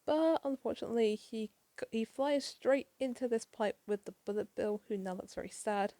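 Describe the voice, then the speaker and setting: A woman reading a comic aloud for her viewers, breaking off for chatty asides and a few swear words. Her voice has a gravelly edge and sits a little high. The tone is mellow. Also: normal speed, no echo, low-quality recording. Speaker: comic reader. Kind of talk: casual comic read-along with commentary.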